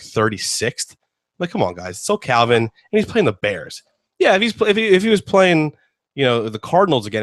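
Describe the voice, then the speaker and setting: A man's voice: mid-range voice, a bit bright, dry recording, clean studio sound. A man hosting a casual sports talk show, rambling and joking with lots of fillers. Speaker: host.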